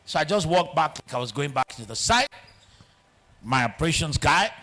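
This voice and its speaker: A man with a Nigerian accent giving a motivational talk in a large auditorium, telling a story in an animated way that swings between loud and hushed. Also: a little high, normal speed. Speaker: guest speaker.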